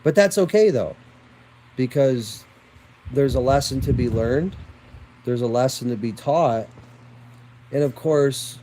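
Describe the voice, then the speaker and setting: A man's voice: mid-range voice, mellow, slight background noise, poor audio. Man, ranting monologue to viewers, defiant, rambling, repetitive, crude at times.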